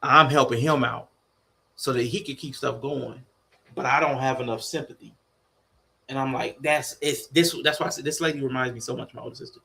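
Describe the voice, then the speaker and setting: A man co-hosting a podcast in casual chat, telling a family story in an animated way. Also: medium pitch, brisk, gravelly. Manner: animated storytelling, slipping into mock voices. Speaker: podcast co-host.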